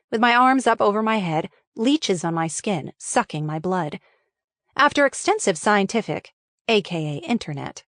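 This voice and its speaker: A woman's voice: mid-range voice, dry recording, clean studio sound. A woman reading her own memoir aloud for an audiobook, in a frank, wry and candid way.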